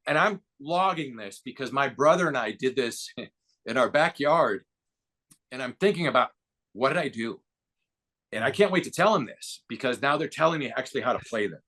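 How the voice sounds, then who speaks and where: Man, 50s, podcast guest, storytelling, middle pitch, animated quotes. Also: moderate pace. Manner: lively anecdote-telling with voiced quotes and rising excitement. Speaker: podcast guest, baseball broadcaster and former player. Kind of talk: casual storytelling interview.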